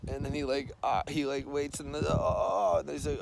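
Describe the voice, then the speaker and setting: A middle-aged man casually telling a story, animated and acting out other people's lines. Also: medium pitch, fairly quick, creaky, background noise.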